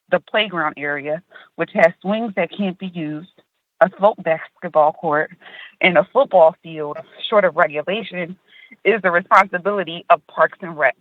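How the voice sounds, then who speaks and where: A woman's voice: fairly low pitch, no room sound. Woman testifying over a tinny phone. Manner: earnest, reads steadily with small restarts. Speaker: policy advisor giving public testimony. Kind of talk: reading prepared testimony. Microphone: phone call from a car. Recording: tinny phone line, dry.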